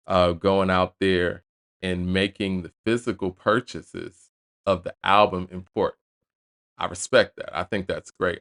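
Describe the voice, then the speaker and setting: A man's voice: low voice, a bit bright, no room sound, clean studio sound. A man hosting a hip hop news show, reading an album review aloud and breaking off into casual asides.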